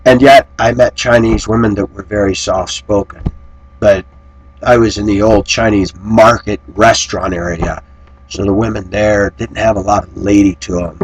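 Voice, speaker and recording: A man's voice: lowish voice, steady tone, moderate pace, breathy edge, rough recording. An American man vlogging, telling rambling anecdotes in a casual, conversational way. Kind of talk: casual storytelling to camera.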